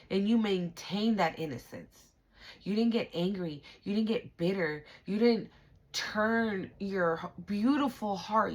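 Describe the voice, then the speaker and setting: A woman in the middle pitch range reads tarot for her viewers at a slow, unhurried pace. She speaks directly to the viewer, dropping slang and frequent swear words as she stresses her points. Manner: emphatic, slangy and profane, talks straight to the viewer. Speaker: tarot reader. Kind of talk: spiritual tarot reading to camera.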